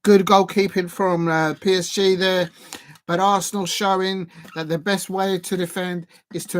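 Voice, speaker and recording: A man hosting a live football watch-along on his channel, chatty and excitable and jumping to shouts at big chances. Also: high voice, normal speed.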